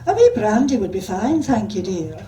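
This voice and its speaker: A woman's voice: medium pitch, sing-song, moderate pace, dark tone, echoey room, close to an everyday voice. Woman putting on a drawling Scottish drag queen. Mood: teasing, theatrical. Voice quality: breathy drawl. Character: brash Glaswegian drag queen, cheeky and theatrical. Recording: distant mic with background noise.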